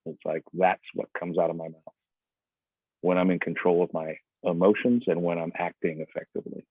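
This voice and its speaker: A man's voice: low-pitched, level tone, moderate pace, slightly rough, no room sound. A man coaching on a video call in a conversational way, acting out quoted speech in other voices. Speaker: sales trainer. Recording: tinny phone-like line, dry.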